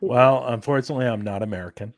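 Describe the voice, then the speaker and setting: A man talks as a guest on a casual chat show. His voice sits at an ordinary pitch and he rambles along in an easygoing way, with fillers. The sound is dry and close. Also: quick pace, no echo. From Canada.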